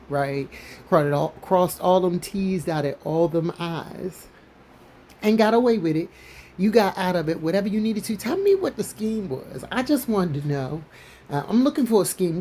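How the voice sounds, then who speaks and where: A woman's voice: lowish voice, mellow. Sassy woman vlogger, mocking questions, faint background noise. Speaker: commentary vlogger. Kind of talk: casual commentary while cooking.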